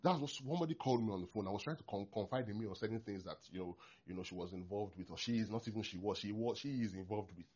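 A man, a pastor preaching a sermon in an animated way, acting out prayers and laughing often. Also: on the low side, racing, hardly any pauses, husky. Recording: dull lo-fi recording.

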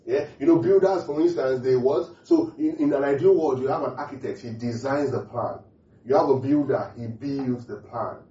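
A man's voice: mid-range voice, normal speed, dark tone. Preacher man in an echoey church hall. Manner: call-and-response questions to the congregation; repeats key phrases emphatically. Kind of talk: sermon. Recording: distant, echoey, muffled hall recording.

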